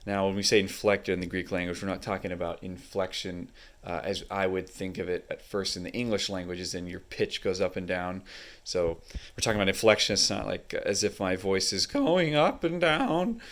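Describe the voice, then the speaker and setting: A man with a very deep voice talks through a book page by page. He explains at an easy pace and fills his pauses with ums and uhs, like a casual hobby reviewer. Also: level tone, fairly bright tone. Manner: unhurried, explanatory, many fillers.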